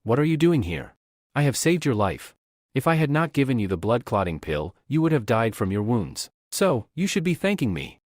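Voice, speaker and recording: A man's voice: mid-range voice, very animated, moderate pace, a little mellow, dry recording, studio quality. A man reading a cocky young alchemist hero. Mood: confident.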